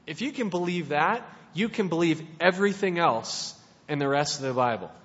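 A high-pitched man preaches in a casual, playful way, circling back and restarting his sentences as he talks. His voice carries a long reverb from a hall, and the recording sounds dull and lo-fi. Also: expressive, normal speed, fairly bright tone. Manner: playful and conversational, with many restarts. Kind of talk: casual sermon.

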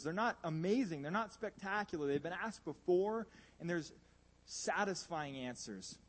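Preaching with animation and emphasis, this man alternates loud bursts with hushed asides, his voice pitched high.

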